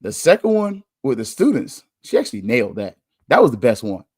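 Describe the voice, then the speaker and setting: A man hosting a podcast, talking candidly in a casual monologue, chatty and quick to laugh. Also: mid-range voice, very animated, a little mellow, husky, dry recording, studio quality. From United States. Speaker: podcast host.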